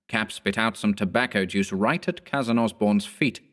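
A man narrating a horror story in a measured storytelling manner. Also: fairly low pitch. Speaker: audiobook narrator.

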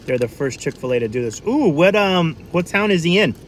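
A man's voice: fairly high pitch, lively intonation, a little fast, slight background noise. Chatty New man on a livestream. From New England. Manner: rambling, chatty, lots of fillers. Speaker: livestream food vlogger. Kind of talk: casual live-stream chat.

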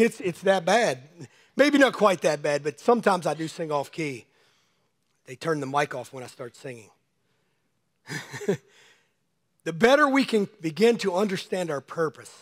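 A man preaching a sermon to his congregation in a conversational way, calling on people by name, a little hoarse as he is losing his voice. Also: high voice. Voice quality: slightly hoarse. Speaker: pastor. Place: church sanctuary.

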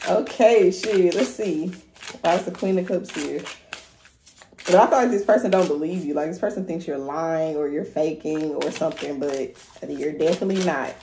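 A woman with a low, mellow voice reads tarot in a loose, casual way. She is blunt and profane and cheers her listener on. The room sounds echoey, with a faint hiss behind her. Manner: candid and profane, hyping the listener up. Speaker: tarot reader.

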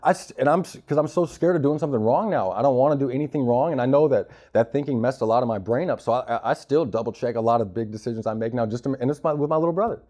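A man's voice: medium pitch, very fast, hardly any pauses, warm tone. A man in his thirties from Arizona, talking candidly as an interview guest about his time in prison, blunt and full of street slang. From Arizona, United States. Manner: blunt, streetwise slang, frequent "bro" and "you know".

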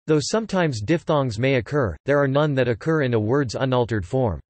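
A man's voice: mid-range voice, a little fast, no echo. Dry synthetic male reading voice. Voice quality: flat, even machine reading. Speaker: text-to-speech reader. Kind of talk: synthetic encyclopedia narration. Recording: dry, close synthetic audio.

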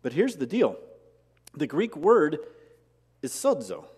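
A man's voice: fairly high pitch, big pitch swings, slow pace, darkish tone, breathy edge, in a large hall. A man preaching a sermon as pastor, asking rhetorical questions and repeating key words for emphasis. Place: church sanctuary.

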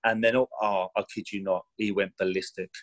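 In a casual storytelling interview, a former professional footballer guesting on a podcast rambles through his career with plenty of "do you know what I mean." His fairly low voice is flat and brisk, he acts out quoted speech by raising it, and the audio is poor.

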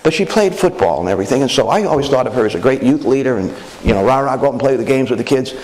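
A man preaching a sermon as pastor, animated, acting out quoted voices with chuckles. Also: medium pitch, racing, low-quality recording.

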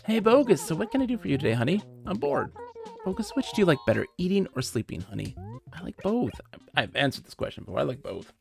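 A woman's voice: low-pitched, big pitch swings, quick pace, gravelly, music in the background, pitched above the performer's own voice, full character voice. A woman voicing a sweet, motherly female bear villager in a video game, in a friendly and doting way.

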